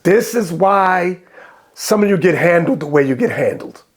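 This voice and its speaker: A man giving a preaching commentary on video clips, impassioned and quoting scripture, often breaking into shouts. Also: high voice, animated, moderate pace. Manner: quotes and explains scripture. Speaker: religious commentator.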